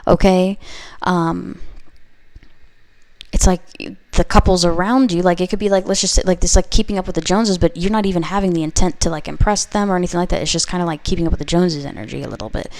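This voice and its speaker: A woman's voice: fairly low pitch, fast talker, darkish tone. A young woman giving a casual tarot reading to camera, chatty and full of "like" and "okay?". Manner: chatty, heavy use of "like" and "okay?". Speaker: tarot reader.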